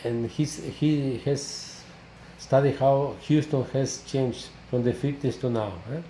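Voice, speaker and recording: Priest chatting, keeps adding "no?", warm mellow voice, echoey room. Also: male voice, mid-range voice, fairly even intonation, slow. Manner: switches between English and Spanish, tag questions. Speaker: parish priest and host. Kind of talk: casual bilingual interview. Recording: echoey room, faint background noise.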